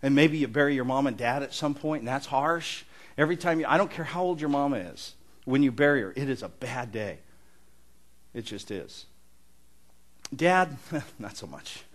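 A man's voice: medium pitch, normal speed. A middle-aged man preaching a sermon in an earnest, conversational way with touches of humor. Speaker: pastor.

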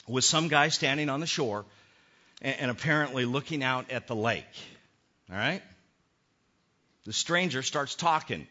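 A middle-aged man preaching a sermon as pastor, animated and acting out the voices he quotes. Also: medium pitch. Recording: muffled lo-fi sermon recording.

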